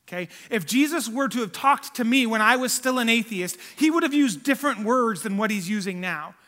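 A man's voice: extremely high pitch, bright, forceful tone. A man preaching a conversational sermon to his congregation, informal and emphatic, with frequent restarts and questions to the room. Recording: long reverb of a large hall.

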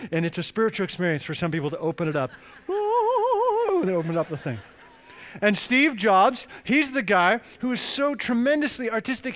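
A man preaching a sermon, emphatic and animated, with chatty asides. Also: high voice. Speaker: pastor. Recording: long reverb in a large hall.

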